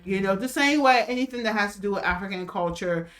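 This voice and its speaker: A woman's voice: mid-range voice, fast, fairly bright tone. A woman co-hosting a casual chat show, talking loosely with many fillers and restarts. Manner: chatty, lots of fillers and restarts, laughs often. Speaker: co-host. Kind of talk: casual chat reacting to a video.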